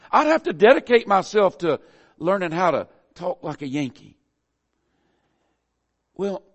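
A high-voiced man with a Southern US accent delivers a sermon, folksy and conversational, lifting his phrases to emphatic peaks. His voice carries a long hall reverb. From American South. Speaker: preacher.

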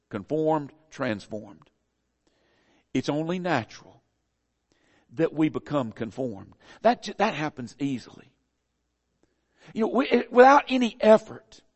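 A man's voice: a little high, sing-song, a little slow, long pauses, in a large hall. A man with a Southern US accent preaching a sermon in a folksy, conversational way, building phrases to emphatic peaks. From American South.

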